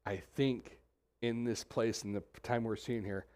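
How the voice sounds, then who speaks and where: A middle-aged pastor preaching to his congregation. His voice sits at a middle pitch, and he talks in a lively, conversational way. The whole thing sounds like a talk given in a church sanctuary. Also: a little slow. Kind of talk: sermon.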